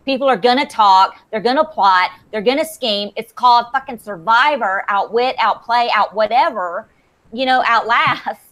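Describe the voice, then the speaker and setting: A woman's voice: on the high side, moderate pace. Blunt, ranting woman host. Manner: blunt, profane, animated ranting. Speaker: show host. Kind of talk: casual group chat.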